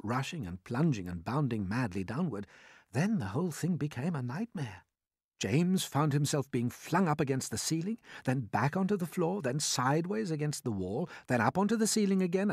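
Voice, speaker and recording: A man narrating a children's storybook. His delivery is animated, and his pitch rises and falls sharply with the action. The recording is close and dry. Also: slightly rough, no room sound. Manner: expressive, dramatic. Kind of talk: storybook reading.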